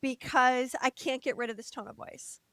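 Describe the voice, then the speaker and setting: A woman co-hosting a podcast who tells a candid personal story in an animated way, acting out quotes and sometimes swearing. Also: high-pitched, normal speed, no echo. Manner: animated, laughs, acts out quotes. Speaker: podcast co-host.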